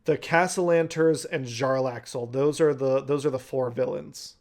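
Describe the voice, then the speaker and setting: A man's voice: medium pitch, moderate pace, a little mellow. A man hosting a group chat as dungeon master, reading out listener questions and rambling through his answers. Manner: rambling, restarts, reads out questions.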